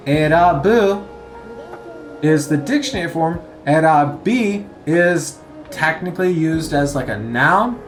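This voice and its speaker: A man talks through a language lesson in a relaxed, explanatory way, pausing often with "uh"s. His voice sits a little high and his delivery is unhurried. Faint music plays softly in the background. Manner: relaxed and explanatory, many "uh"s and pauses. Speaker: Japanese language teacher. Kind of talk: casual spoken lesson.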